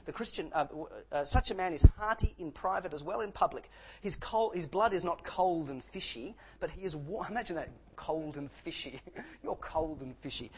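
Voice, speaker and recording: A man preaching with lively, animated delivery and playful asides. His voice sits at a middle pitch over a faint hum of background noise. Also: poor audio. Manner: animated and jokey, with sarcastic asides and laughs. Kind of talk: sermon.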